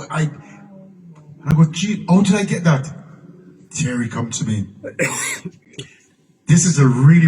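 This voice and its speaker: A man's voice: on the high side, mellow, far from the mic, rough recording. An older man shares stories at a public Q&A, circling back over words and sometimes slipping into a line of song. He sounds set back from the microphone, with a faint murmur of room noise behind him. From Jamaica. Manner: repeats and restarts words, breaks into song. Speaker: guest musician at a Q&A. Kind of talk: live storytelling at a public Q&A. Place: museum event room, live audience.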